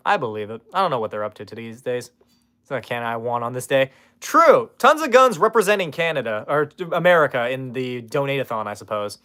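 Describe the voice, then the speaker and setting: A man's voice: medium pitch, sharp tone. A man streaming from his room in casual chat, sarcastically roasting viewers and swearing freely.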